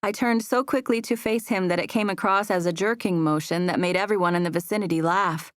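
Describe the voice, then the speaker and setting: A woman narrating a first-person audiobook in an even, gentle storytelling voice. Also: lowish voice, fairly quick, dry recording, studio quality. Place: recording booth.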